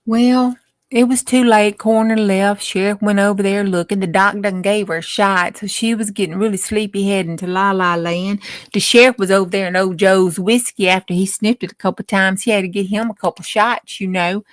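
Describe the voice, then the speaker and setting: A woman's voice: medium pitch, steady tone, moderate pace, no room sound. A woman telling a folksy story in a dramatic, chatty way. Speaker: craft vlogger.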